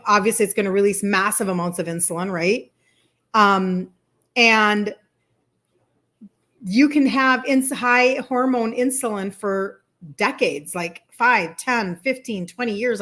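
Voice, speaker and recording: A woman's voice: a little high, a bit bright. Chatty Minnesota woman hosting a live stream. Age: 50s. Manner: chatty and enthusiastic, greets viewers, rambling asides. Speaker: health coach livestream host. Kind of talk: casual live-stream chat.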